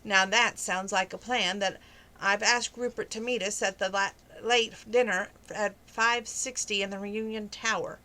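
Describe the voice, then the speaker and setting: A woman's voice: medium pitch, fairly even intonation, a little slow, sharp tone. Woman reading as a sugary, pushy mother. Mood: scheming. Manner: sugary and prodding. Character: fashionable, pushy middle-aged mother.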